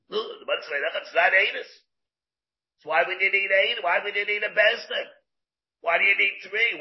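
Guy giving a talmud shiur, kinda high voice, dull muffled recording, keeps asking and answering himself. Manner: argues aloud with himself in question and answer. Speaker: Talmud teacher. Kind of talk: Talmud class lecture.

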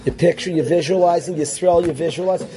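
A man teaching a yeshiva class in a lively way, calling on students by name and mixing Hebrew and Yiddish terms into his English. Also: fairly high pitch, fast talker. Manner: animated, calls on students by name. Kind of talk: classroom lecture.

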